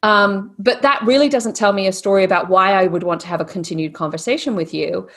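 Woman, mixed british-texan accent, husky, breathy, lively podcast guest. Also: medium pitch, fairly quick. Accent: mixed British and Texan, sounds Australian. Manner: lively, animated storytelling with put-on voices. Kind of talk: casual podcast interview.

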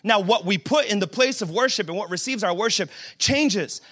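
At a church service, a man preaches a humorous, chatty sermon in a high-pitched voice at normal speed. He jokes with the crowd and works up to emphatic shouts.

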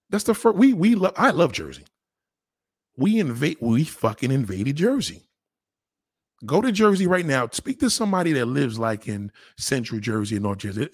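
Husky and on the high side, the voice belongs to a New Yorker with a matching accent. He rambles through a casual, profane monologue, animated and mimicking other people, recorded in clean studio sound with no room sound.

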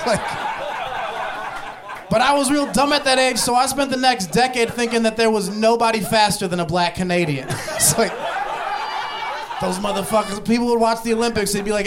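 High-voiced young male stand-up comic. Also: steady tone, a little fast, a little hiss or hum. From Ohio, US. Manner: loose, laughing, conversational delivery. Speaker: stand-up comedian. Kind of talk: stand-up comedy set. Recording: live club with audience laughter.

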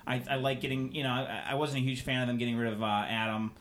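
A man chatting casually about baseball, lively and prone to breaking into exaggerated impressions. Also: mid-range voice, fast. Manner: animated, puts on exaggerated impressions. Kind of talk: casual chat.

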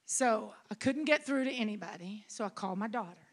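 A middle-aged woman pastor preaching a sermon, telling a personal story with rising emotion and shouting. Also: medium pitch, lively intonation, fairly quick. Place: conference hall.

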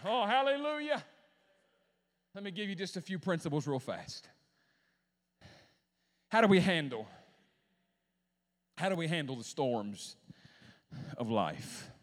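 A man preaching a sermon as a pastor, with shouted climaxes and dramatic pauses. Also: a little high, animated, in a large hall.

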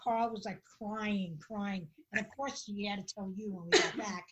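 A woman's voice: medium pitch, steady tone, moderate pace, a bit bright, lo-fi sound. A woman co-hosting a podcast, chatting casually and telling self-mocking stories with plenty of laughter. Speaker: podcast co-host. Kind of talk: casual chat.

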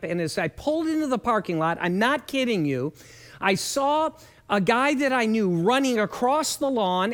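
A middle-aged man preaching a sermon as a pastor, telling stories earnestly with lively rises and falls. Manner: earnest storytelling with lively shifts in pitch.

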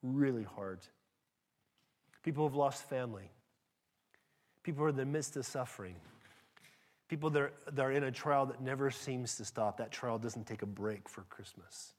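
A man's voice: mid-range voice, moderate pace. A man preaching a sermon in a conversational, emphatic way, often restarting his phrases. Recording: long hall reverb.

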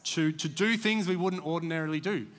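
A man's voice: on the high side, brisk, a bit bright, big-room sound. A man preaching a church sermon in a conversational, digressive way, with many fillers.

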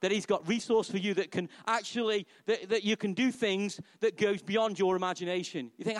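A middle-aged pastor delivers a sermon in a lively, chatty style, often turning to the congregation with questions. His voice sits a little higher than most men's. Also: a little fast, few pauses. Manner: animated, conversational preaching with questions to the congregation.

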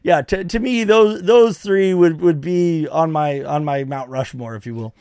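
A man's voice: fairly high pitch, unhurried, darkish tone, clear, resonant tone, dry recording, clean studio sound. A man co-hosting a podcast, talking hesitantly with many stops and restarts. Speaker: podcast co-host. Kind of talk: casual chat.

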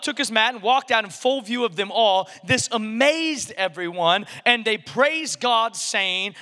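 Male pastor, very high bright voice, lively preaching, church hall reverb. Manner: energetic preaching with rising shouts and playful asides. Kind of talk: sermon.

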